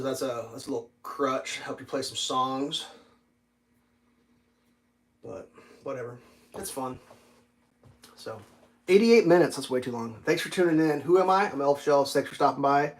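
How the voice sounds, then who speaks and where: A man hosting a casual livestream, telling a story with lots of swearing and loudly acting out the dialogue. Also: mid-range voice. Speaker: livestream host.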